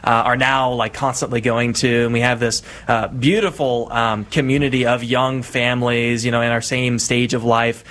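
A man's voice: medium pitch, level tone, moderate pace, few pauses, a bit bright. A man from Oklahoma, a studio guest, talking casually with many restarts and fillers. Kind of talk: casual talk.

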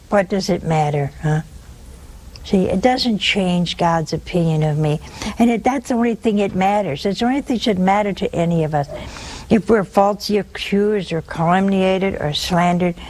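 A woman's voice: lowish voice, a little mellow, slight background noise, rough recording. An older woman hosting a religious call-in show, giving earnest spiritual counsel and repeating words for emphasis.

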